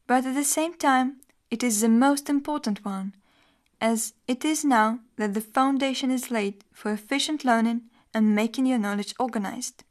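This is a woman language teacher with a fairly high voice, reading a scripted lesson. Her tone is even, measured, and explanatory.

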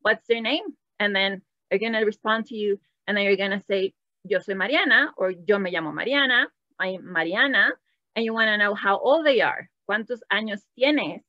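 Teaching a live web class in both English and Spanish, this Latin American woman moves between the languages while quizzing the chat. She speaks a little fast in a mid-range voice. The audio has no echo and sounds slightly dull and dry.

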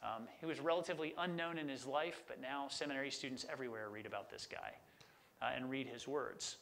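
A man's voice: medium pitch, brisk, gravelly, a bit bright. A middle-aged man preaching a sermon as a pastor, conversational and enthusiastic about word meanings.

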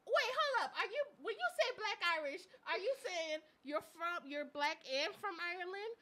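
High, lively woman with a bright voice. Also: normal speed. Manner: animated, laughing, dramatic storytelling. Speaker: co-host. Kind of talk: casual chat on live radio.

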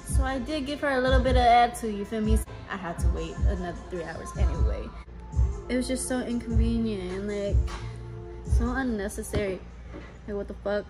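A woman's voice: medium pitch, normal speed, music in the background. A young woman vlogging late at night in a recording studio, telling her day's story in a loose, profane, ranting way. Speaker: vlogger and singer. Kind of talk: casual chat to camera.

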